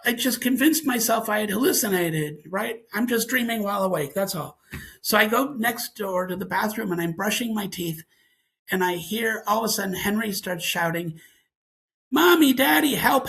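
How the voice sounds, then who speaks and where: Gravelly-voiced man telling a story. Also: high-pitched, moderate pace, sharp tone, poor audio. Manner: vivid storytelling, acting out quoted dialogue. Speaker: guest scientist.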